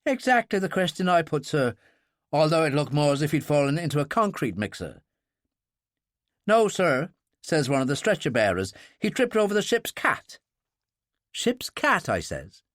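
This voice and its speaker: A man voicing a blunt, jovial older ship's doctor who tells stories with animated relish. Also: a little high, moderate pace, dry recording, clean studio sound. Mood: wry storytelling. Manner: hearty, animated, fond of telling stories.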